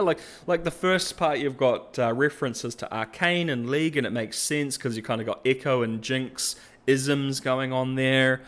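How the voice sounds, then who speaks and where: A man hosting a video, giving casual reaction commentary in an animated, incredulous and jokey way. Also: mid-range voice, normal speed. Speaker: video essay host.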